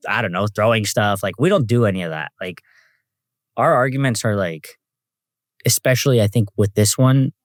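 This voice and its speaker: A young man appearing as a guest on a podcast, speaking thoughtfully and haltingly with lots of fillers. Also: lowish voice, no echo, clean studio sound. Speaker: podcast guest, host's husband. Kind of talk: casual chat.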